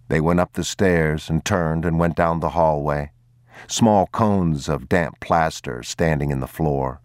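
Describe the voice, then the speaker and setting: Very deep, slow male narrator. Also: a little mellow, no echo, studio quality. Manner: slow, grave, measured. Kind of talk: audiobook narration.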